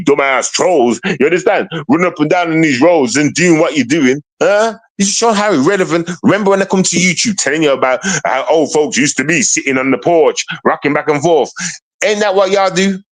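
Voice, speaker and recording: A man's voice: a little high, lively intonation, fairly quick. A man on a casual livestream ranting at online trolls, confrontational and profane, repeating himself often.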